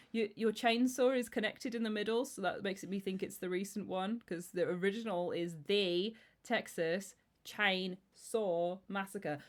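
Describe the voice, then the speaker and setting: Chatting casually on her stream, a woman in her thirties rambles and pokes fun at herself, often starting sentences over. Her voice sits at a medium pitch.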